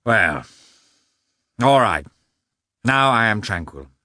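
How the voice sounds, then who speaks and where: A man's voice: lowish voice, sing-song, slow, sharp tone, no echo, studio quality, full character voice. A man voicing an earnest, gloomy young landowner in a storybook reading.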